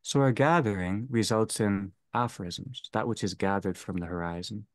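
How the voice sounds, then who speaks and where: A man leading a theology seminar, speaking slowly and deliberately and restating each phrase. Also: on the low side, no room sound. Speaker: seminar leader. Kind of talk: theology lecture.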